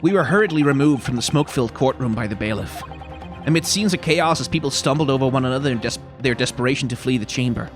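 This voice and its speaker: Earnest young lawyer guy telling what happened, steady storytelling voice, a man reading him out. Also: medium pitch, over music, voice pushed down, natural voice. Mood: tense. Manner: measured storytelling narration. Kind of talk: let's play voice acting.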